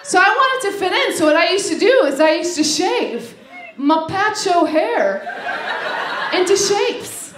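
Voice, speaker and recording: A woman's voice: very high voice, very animated. A woman doing a stand-up set on a club stage, brash and profane, checking in with the crowd after each joke, into a handheld mic. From Lebanese family. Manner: brash, profane, quick asides with "right?". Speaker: stand-up comedian. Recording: echoey club, crowd noise.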